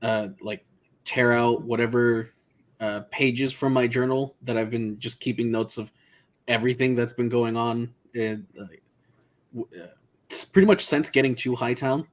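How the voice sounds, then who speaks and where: A man's voice: medium pitch, fairly even intonation, moderate pace. Hesitant man playing his tabletop character. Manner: hesitant, many fillers and restarts. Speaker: player. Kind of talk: in-character role-play in a tabletop game.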